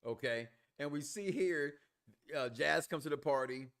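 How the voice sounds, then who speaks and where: A man co-hosting a casual review show, loud and playful, crude jokes, acting out the characters as he recaps. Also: fairly high pitch, normal speed, clean tone.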